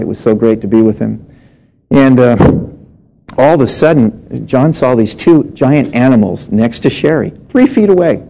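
A man's voice: mid-range voice, vocal fry, warm tone, low-quality recording. A middle-aged male pastor preaching a sermon, reading scripture and telling humorous personal stories.

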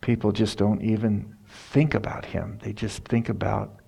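A man's voice: lowish voice, level tone, measured pace, vocal fry, mellow, slightly rough. A middle-aged male preacher retelling a Bible story in a folksy, casual sermon.

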